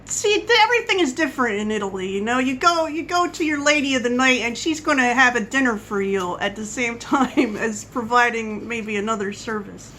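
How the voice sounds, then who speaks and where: A woman vlogger chatting casually at home, wandering from one tangent to the next. Her voice sits a little high and very bright, with a faint hiss of background noise. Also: expressive, a little fast, few pauses, rough recording. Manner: rambling, chatty, goes off on tangents. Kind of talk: casual coffee-chat monologue.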